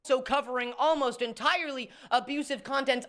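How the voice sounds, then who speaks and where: A woman delivers a call-out video in a lecturing, confrontational tone. Her voice sits fairly high. She presses her demands firmly and deliberately. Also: sing-song, a bit bright. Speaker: video creator addressing another creator.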